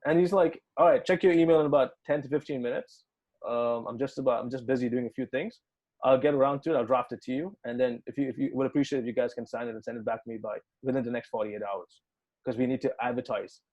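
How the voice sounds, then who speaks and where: A man's voice: medium pitch, quick pace, lo-fi sound. A man in a casual interview, telling a story with lots of swearing and acting out the dialogue. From United Arab Emirates. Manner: animated, swearing, acts out quoted dialogue. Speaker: musician guest.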